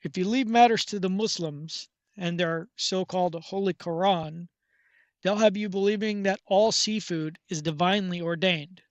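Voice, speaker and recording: A man giving scripted documentary narration in a measured, even reading. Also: high-pitched, no room sound, muffled recording.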